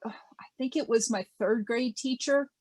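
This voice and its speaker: A woman's voice: on the high side, normal speed, darkish tone, husky. Friendly woman author, light laugh. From New England. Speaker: romance author, guest. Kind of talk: casual interview chat.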